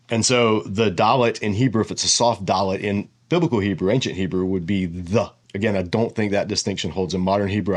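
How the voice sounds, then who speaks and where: Low-voiced man teaching letters casually. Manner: explanatory, thinking aloud with asides. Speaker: Bible teacher. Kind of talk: casual whiteboard lesson.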